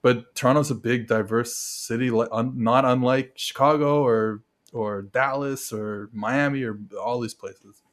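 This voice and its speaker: Rambling man, mid-pitched. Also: steady tone, measured pace. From Montreal, Canada. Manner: rambling, filler-heavy, earnest. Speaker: podcast guest. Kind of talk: casual podcast chat.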